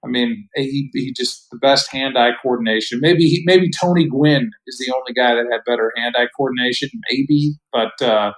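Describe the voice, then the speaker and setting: A man's voice: mid-range voice, normal speed, hardly any pauses, poor audio. Reflective middle-aged man telling stories. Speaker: guest broadcaster. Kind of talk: relaxed podcast storytelling.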